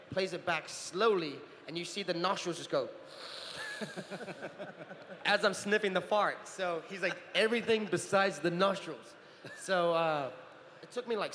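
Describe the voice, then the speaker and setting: A man in his forties, a guest on a convention panel, telling stage stories in an animated way, acting out voices and laughing often. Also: a little high. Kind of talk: storytelling Q&A on stage. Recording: roomy hall reverb with faint crowd noise.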